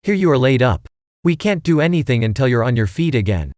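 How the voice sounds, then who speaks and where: A man's voice: mid-range voice, very animated, brisk, a little mellow, no echo, clean studio sound, lightly acted. A man voicing a blunt, wary teenage boy who grumbles his objections in a storybook reading.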